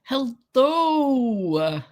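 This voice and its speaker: Woman chatting slow on a livestream, giggly, says hi to everyone. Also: high voice, sing-song, a little mellow. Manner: chatty, giggly, greets viewers by name. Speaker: livestream host. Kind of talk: casual livestream chat.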